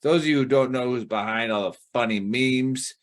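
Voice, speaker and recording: A man's voice: medium pitch, normal speed. A man hosting a casual sports betting podcast, talking in a rambling way and swearing casually. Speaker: show host.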